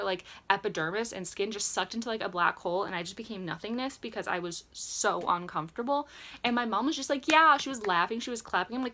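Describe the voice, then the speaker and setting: A young woman hosting a casual reaction vlog, chatty and animated, gushing over every moment. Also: on the high side, a little hiss or hum. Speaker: YouTube vlogger.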